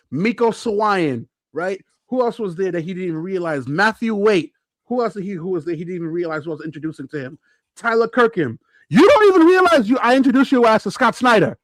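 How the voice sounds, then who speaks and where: A man, a podcast co-host telling a story in animated, boastful casual chat with acted-out quotes. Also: sits high, dry recording. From Brooklyn, New York.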